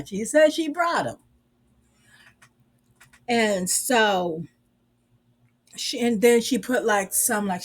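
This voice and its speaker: Slow, sassy woman recapping a show. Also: medium pitch. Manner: sassy, sarcastic, drawling storyteller. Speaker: reviewer. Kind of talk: casual recap and commentary.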